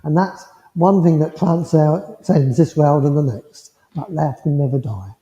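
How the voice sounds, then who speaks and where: A man giving a mediumship demonstration to a congregation, speaking in a gentle, reassuring way and checking in often with the listener. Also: fairly high pitch, unhurried. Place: village hall. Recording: muffled hall sound with long reverb.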